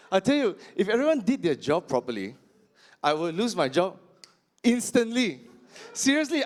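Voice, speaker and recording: A male stand-up comedian, punching through his set. His voice sits fairly high and swings widely in pitch as he exaggerates each joke. The delivery is loud and theatrical.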